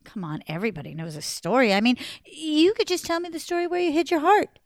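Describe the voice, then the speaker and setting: A woman voicing a clever, chatty young woman held by a giant, talking in brisk, sassy, flattering bursts. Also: high-pitched, no echo, studio quality, pitched above the performer's own voice.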